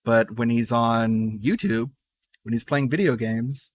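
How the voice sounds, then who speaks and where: A man streaming live tosses joking, teasing asides over a video he is watching. He talks at an unhurried pace in a mid-range voice. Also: medium pitch. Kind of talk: live stream reaction commentary.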